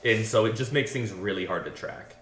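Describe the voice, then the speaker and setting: A man narrating as game master for an online tabletop game, his voice sitting fairly low. He talks in a loose, casual way, full of fillers and quick apologies. The sound carries a noticeable roomy echo. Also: fairly bright tone, a little hiss or hum.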